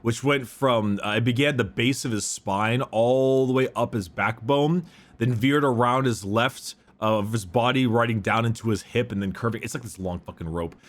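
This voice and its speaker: A man hosting a casual lore chat, swearing freely and often stumbling and restarting his sentences. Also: medium pitch. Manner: halting, profane, stumbles over words. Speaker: podcast host.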